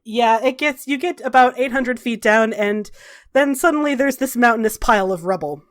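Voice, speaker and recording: A woman narrating a tabletop game as game master, swearing casually and slowing down for drama. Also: on the high side. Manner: laughs while narrating, drawn-out dramatic pacing.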